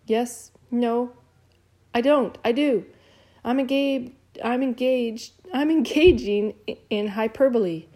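A woman's voice: fairly high pitch, slow pace, mellow, voice pushed up. A woman voicing a wordy, formal young boy. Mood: earnest. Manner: elaborate, overly formal phrasing.

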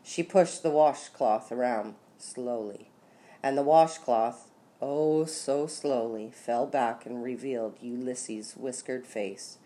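A woman with a very low voice reads a children's story aloud. Her narration is expressive and lively, stretching words out for dramatic effect. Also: slow. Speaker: audiobook narrator. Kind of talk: scripted narration.

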